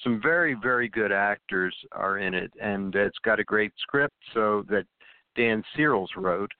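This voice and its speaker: A man's voice: fairly low pitch, unhurried, clear, resonant tone, no room sound. A man, an actor guest, chatting casually about his projects and laughing often. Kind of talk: casual interview chat. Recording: dry, phone-like call audio.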